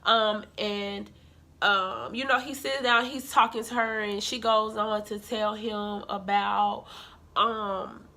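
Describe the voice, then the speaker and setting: A woman vlogger, reviewing a reality show in sassy, animated casual commentary and calling her viewers "honey.". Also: medium pitch, slow pace.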